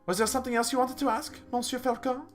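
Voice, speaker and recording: A man voicing a sweet, naive young female cat noble in a game, in a high, bubbly tone. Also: little pitch movement, fast, soft background music.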